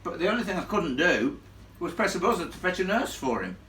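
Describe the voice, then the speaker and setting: A man's voice: sits high, a little fast. A man spins a true ghost yarn for a live audience, his voice swinging widely up and down as he piles on blunt, salty asides. He is caught from a distance in an echoey room, with a faint hum of ambience behind him. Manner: animated, blunt, salty storyteller. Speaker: ghost storyteller. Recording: echoey room filmed from far off.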